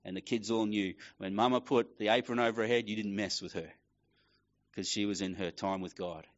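A man's voice: lowish voice, steady tone, brisk, lo-fi sound. A middle-aged man preaching a casual sermon, acting out quoted voices as he tells a story. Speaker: pastor.

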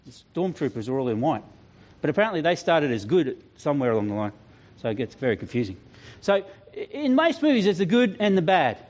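High-voiced, chatty male preacher. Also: sing-song, brisk, darkish tone. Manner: chatty, humorous storytelling with asides. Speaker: youth pastor. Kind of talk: sermon.

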